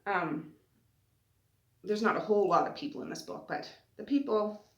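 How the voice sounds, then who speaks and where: A woman's voice: medium pitch, moderate pace, recorded from a distance. A woman book vlogger casually retelling and reviewing a novel in a chatty, rambling way with asides. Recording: roomy, off-mic sound.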